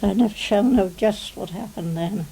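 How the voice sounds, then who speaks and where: A woman's voice: mid-range voice, normal speed, dark tone, breathy edge, poor audio. An English woman in her nineties, a retired stage actress reminiscing in a television interview, rambling and often adding "you see". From England. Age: 90s.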